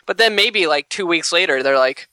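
A man's voice: a little high, animated, normal speed, bright, forceful tone, dry recording. A man co-hosting a casual podcast, reading out news headlines and joking about them. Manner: reads headlines then jokes about them. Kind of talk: casual chat.

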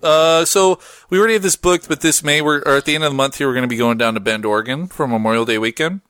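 A man's voice: fairly high pitch, fast talker, a bit bright, clear, resonant tone, no echo. A young man hosting a podcast in casual, slangy chat, laid-back and wandering off on tangents. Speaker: podcast host.

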